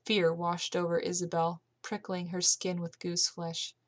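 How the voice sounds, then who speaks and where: A woman reading an amateur audiobook aloud, steady but with occasional slips and self-corrections. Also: fairly low pitch, unhurried, few pauses. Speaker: audiobook reader.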